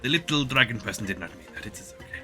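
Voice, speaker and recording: A man voicing a gentle, polite young male shopkeeper who fusses softly. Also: mid-range voice, animated, racing, music in the background, lightly acted. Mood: soothing.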